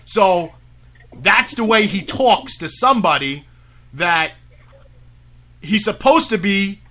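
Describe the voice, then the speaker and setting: Angry, high-voiced promoter ranting. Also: male voice, sharp tone. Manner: angry, profane rant with many "you know" fillers and stammered restarts. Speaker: wrestling promoter. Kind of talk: heated guest story on a radio show.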